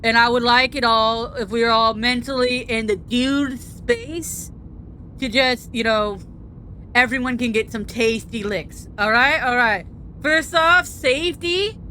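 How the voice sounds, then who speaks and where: A woman's voice: on the high side, measured pace, sharp tone, a little hiss or hum. A woman voicing a laid-back male surfer dude instructor with a drawling, rambling, goofy way of talking. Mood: mellow.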